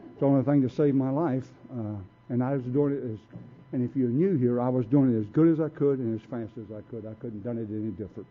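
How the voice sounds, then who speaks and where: This is a tinny, phone-quality clip of a man at a recovery meeting recounting his past. His medium-pitched voice rushes along with hardly any pauses, and he's blunt and streetwise, performing the voices of people in his story.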